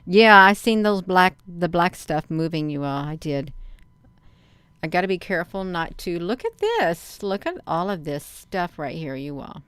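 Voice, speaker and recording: Slow, low-voiced chatty woman vlogger. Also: very animated, fairly bright tone, clean tone, dry recording. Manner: chatty, rambling, often says "you all". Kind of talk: casual commentary on a webcam feed.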